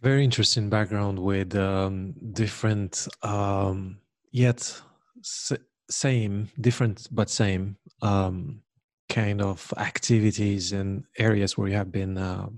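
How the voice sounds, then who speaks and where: A man's voice: lowish voice, darkish tone, dry recording, clean studio sound. A man interviewing a guest, hesitant, with many ums while he forms his questions. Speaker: interviewer, podcast host.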